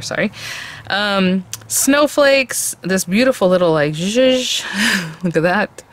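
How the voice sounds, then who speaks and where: A woman's voice: on the low side, slight background noise. A woman hosting a casual craft tutorial, chatting about each little piece as she shows it. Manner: chatty, warm-hearted, calls pieces "little guy". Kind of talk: casual product demo.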